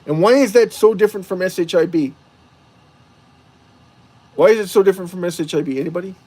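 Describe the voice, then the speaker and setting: A man's voice: sits high, fairly quick, mellow. A man hosting a livestream, rambling and putting rhetorical questions to the chat. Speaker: livestream host. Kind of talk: casual livestream talk to chat viewers.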